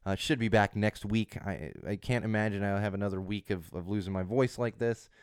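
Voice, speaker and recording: A man in his thirties with a hoarse voice from a cold, hosting a podcast in a casual, rambling monologue with lots of restarts and emphatic repeats. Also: lowish voice, steady tone, fairly quick, dry recording, clean studio sound. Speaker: podcast host.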